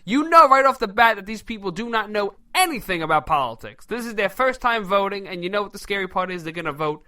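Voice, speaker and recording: Brooklyn-accented male co-host, high bright voice, animated and opinionated. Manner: animated, opinionated, quick to joke. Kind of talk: casual political talk show banter.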